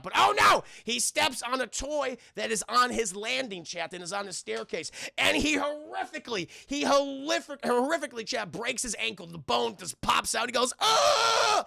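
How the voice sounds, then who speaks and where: A young man recapping a film for his live chat, profane and excitable, constantly addressing the chat. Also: high-pitched, gravelly, no echo, clean studio sound. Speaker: streamer reviewing a film. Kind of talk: casual livestream commentary.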